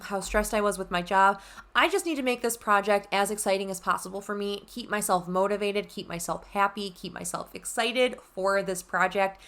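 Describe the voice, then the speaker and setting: A woman's voice: medium pitch, moderate pace, a bit bright. A young adult woman chatting casually in a makeup vlog, bubbly and gushing. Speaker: beauty vlogger.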